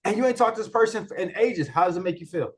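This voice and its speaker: A man with a high-sitting voice talks fast as he presents a marketing software walkthrough in a casual training session. His delivery is colloquial and repetitive, packed with rhetorical questions.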